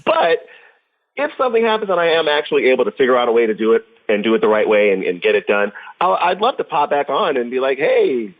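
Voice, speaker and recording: A man chatting as a guest on an interview podcast, telling stories in an animated, jokey way. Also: medium pitch, fast talker, narrow, tinny audio. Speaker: guest drummer. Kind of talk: casual interview chat.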